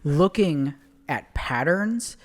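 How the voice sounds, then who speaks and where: A man's voice: on the high side, animated, slow pace, a little hiss or hum. A man co-hosting a podcast, speaking emphatically and joking around while giving opinions about relationships. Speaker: podcast co-host. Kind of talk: casual chat.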